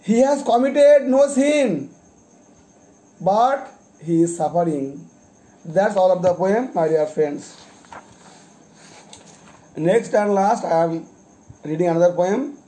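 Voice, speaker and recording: Very high-voiced man reciting poetry slowly. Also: dark tone. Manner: deliberate, repeats titles and page numbers; explains each poem after reading it. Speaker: poet.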